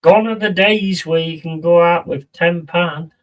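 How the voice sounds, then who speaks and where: A man's voice: on the high side, unhurried, distant mic, highs cut off. A man chatting casually on a live stream, reading out and answering viewers' messages and swearing freely.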